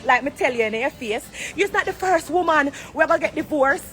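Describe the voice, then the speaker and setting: A woman's voice: high-pitched, expressive, a little fast, a bit bright, a little hiss or hum. A Jamaican woman on a phone live stream, ranting bluntly and cursing from a corner of an airport. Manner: blunt, confrontational, swears freely. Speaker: entertainer on a social media live. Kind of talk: heated live-stream rant.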